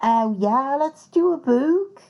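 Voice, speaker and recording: A woman's voice: high-pitched, lively intonation, slow, dull audio, pitched above the performer's own voice, full character voice. A woman voicing a cocky, scheming man from Liverpool with a put-on Liverpool accent and a chummy manner. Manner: chummy, keeps saying mate.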